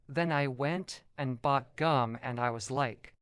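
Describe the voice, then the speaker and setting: A man's voice: mid-range voice, unhurried, few pauses, fairly bright tone, clean tone, no echo, studio quality. A man casually narrating a first-person story from his school days in a conversational tone.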